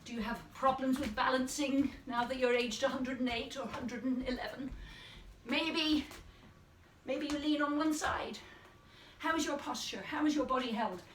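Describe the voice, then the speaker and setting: A woman teaching a playful children's drama lesson in an animated, encouraging manner. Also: sits high, normal speed. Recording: roomy, distant mic, faint noise.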